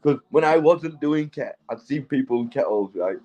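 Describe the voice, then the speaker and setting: A British man, high, rambling loosely and laughing between crude remarks while chatting on a livestream. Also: animated, normal speed, warm tone, highs cut off. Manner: rambling, sweary, laughs often. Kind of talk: rambling casual livestream chat.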